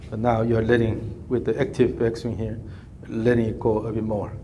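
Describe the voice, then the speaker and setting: A man coaching a golf swing, giving calm, repetitive cues and humming through counts. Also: fairly low pitch, normal speed, slight background noise. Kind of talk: live coaching session. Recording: echoey room with faint ambience.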